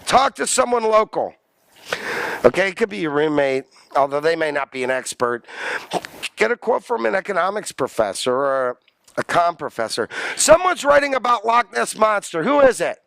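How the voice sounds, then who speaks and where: A man's voice: sits high, moderate pace, gravelly, no room sound. A man lecturing a college class, joking and quizzing his students. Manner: animated, jokey, asks the class questions.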